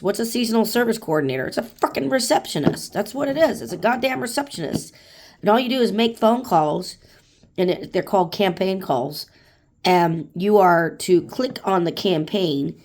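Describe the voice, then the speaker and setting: This vlogger, a woman in her late forties, has a lowish, somewhat mellow voice. Blunt and profane, she vents casually on her own, raising her voice to mimic furious customers.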